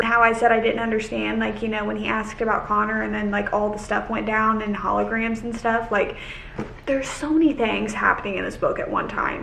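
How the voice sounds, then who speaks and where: A young woman talks fast and excitably in a casual vlog, her thoughts spilling out with constant "like." Her voice sits a bit high. The room gives an echo with a faint hiss under it. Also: gravelly. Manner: excitable, rambling, heavy use of "like". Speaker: book vlogger. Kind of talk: casual reading vlog chat. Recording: echoey room with faint noise.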